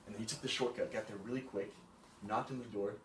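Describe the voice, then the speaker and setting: A man's voice: lowish voice, fairly even intonation, fast. A young man casually telling a fairy tale aloud as a student storyteller, in a loose conversational way. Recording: echoey room, mic far off, faint hiss.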